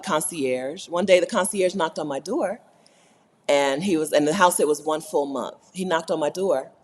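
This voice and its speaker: American woman, low-pitched, very lively delivery, casual laughing livestream chat, long room reverb. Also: slight background noise. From United States. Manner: animated, laughing, repeats "right?". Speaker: vlogger.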